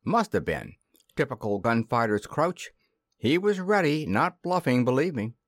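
A man voicing a rough male henchman in an audiobook, talking gruffly in slang. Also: medium pitch, big pitch swings, a little slow, no room sound. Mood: gruff report.

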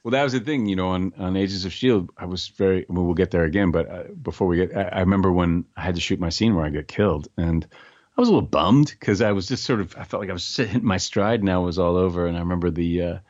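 A man's voice: deep voice, fast, a little mellow, no echo, dull audio. A middle-aged man, an actor, chatting in an interview with many stammered restarts. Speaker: actor guest. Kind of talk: casual interview chat.

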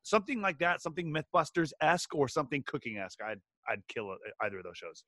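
A man's voice: a little high, sing-song, fast, bright, forceful tone, dry recording, studio quality. A man co-hosting a casual chat, rambling with restarts and hesitations. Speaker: podcast co-host.

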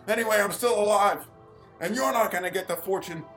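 Comedy audio drama: man playing a foul-mouthed dying old tycoon, high-pitched, ranting, over music. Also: a little fast, fairly bright tone, poor audio. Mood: gloating. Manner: vulgar, ranting, gleefully villainous. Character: crude scheming dying old rich father. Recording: music behind.

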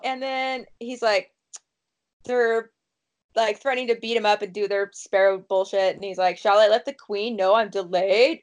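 A woman in casual chat, recapping a TV episode and acting out the characters' lines with lots of laughter. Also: medium pitch. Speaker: podcast co-host recapping a TV episode.

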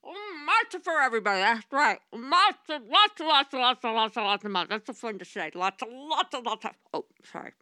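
A brash, over-the-top female talk show host, played by a woman in comedic voiceover takes. Her voice sits high and sounds bright and forceful. It is recorded dry, with no room sound, and she piles on playful ad-libs. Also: sing-song, moderate pace, hardly any pauses, smooth, no room sound. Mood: showy. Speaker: voice actor.

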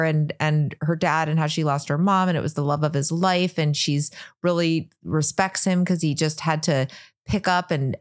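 A woman co-hosting a podcast in casual chat, recapping a reality show episode. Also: fairly low pitch. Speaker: podcast co-host. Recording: video call.

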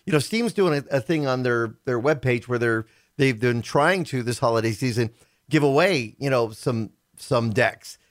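Man, casual podcast chat, rambling, animated pitch, dry close sound. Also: normal speed, no room sound. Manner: rambling, many fillers and restarts.

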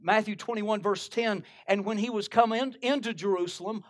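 A man's voice: high voice, normal speed. A man preaching a sermon, retelling a Bible story and quoting scripture in old King James wording, often restarting his phrases.

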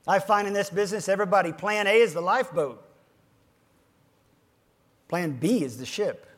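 A man with a notably high, husky voice gives a motivational keynote to a room of financial advisors. He swings between loud, punchy emphasis and hushed, near-whispered lines, and slows right down to hammer home his key phrases.

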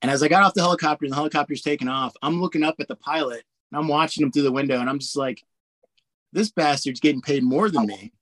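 A man in his forties from Indiana, an army pilot, telling stories in a relaxed, chatty way full of fillers and frequent laughs. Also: a little high, racing, few pauses, no echo. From Indiana, USA. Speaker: guest, army warrant officer pilot. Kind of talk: casual storytelling interview.

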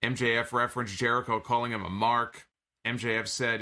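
A man's voice: medium pitch, steady tone, fairly quick, sharp tone. A man hosting a podcast, giving an opinionated, casual recap of a wrestling show and quoting lines from it.

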